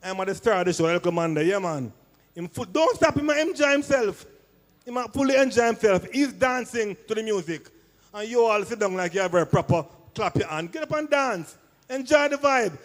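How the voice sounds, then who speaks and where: A man with a Jamaican accent doing playful stand-up and teasing the audience in patois. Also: very high voice. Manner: loud, playful crowd work in patois. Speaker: comedian. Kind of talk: stand-up comedy on stage. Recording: long hall reverb.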